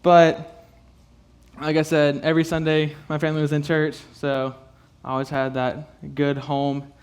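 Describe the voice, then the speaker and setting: A young man giving a halting personal testimony to a youth group, full of fillers and nervous laughs and close to tears. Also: on the high side, level tone, darkish tone.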